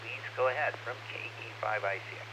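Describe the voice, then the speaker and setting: A man hosting a ham radio net, thanking speakers and calling the next one in a relaxed, joking way. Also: mid-range voice, brisk. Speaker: net control host. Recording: noisy ham radio transmission.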